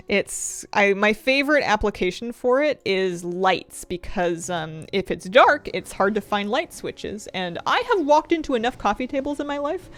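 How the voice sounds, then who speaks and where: A woman's voice: medium pitch, lively intonation, a little slow. A woman chatting casually while streaming a game, rambling through asides and laughing often, close to a desk microphone at home. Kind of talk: casual chat while gaming.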